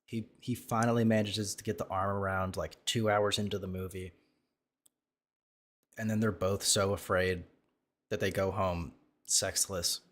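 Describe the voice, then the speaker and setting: Mocking low-voiced male streamer. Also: little pitch movement, a little slow, pauses often. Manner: mocking, dry remarks. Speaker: streamer reacting to a clip. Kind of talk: sarcastic reaction commentary.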